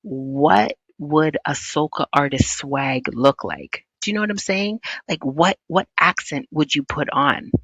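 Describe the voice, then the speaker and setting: A vlog host giving commentary in an animated, teasing way, full of rhetorical questions. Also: mid-range voice, measured pace, hardly any pauses, husky, no echo.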